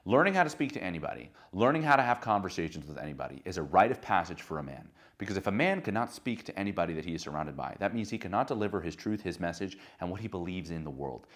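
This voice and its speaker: A young man coaching confidence in an emphatic motivational talk, building his lists up to loud crescendos. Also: fairly low pitch, big pitch swings, fast.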